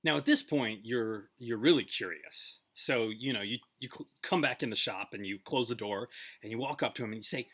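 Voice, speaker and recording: A man's voice: medium pitch, moderate pace, a bit bright. A man telling a story in a casual, conversational way, with many fillers and restarts.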